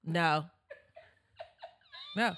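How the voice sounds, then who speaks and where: A woman's voice: sits low, drawn-out words, fairly bright tone, clear, resonant tone. A woman co-hosting a podcast, chatting casually in a teasing way and laughing easily. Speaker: podcast co-host. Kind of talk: casual chat.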